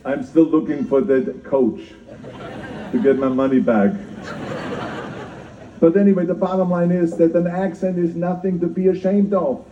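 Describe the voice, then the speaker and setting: With a voice on the high side, an older German-accented man gives an emphatic keynote at an outdoor citizenship ceremony at a moderate pace, pausing often, repeating key phrases and teasing himself. Someone in the audience filmed his mic on a phone, leaving a distant, echoey, dull sound with slight background noise.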